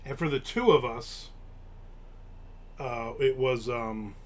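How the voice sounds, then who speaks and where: A man's voice: medium pitch, slow pace. A man from Newark, hosting a live stream and telling rambling, casual stories with offhand swearing. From Newark, New Jersey. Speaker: show host.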